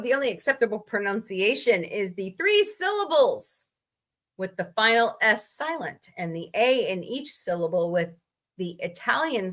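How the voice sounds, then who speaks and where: A woman hosting a casual comedy livestream with a bright, forceful voice. Her delivery is sarcastic and wisecracking as she reads odd laws aloud. She keeps stopping to greet people in the chat by name. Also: medium pitch. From United States.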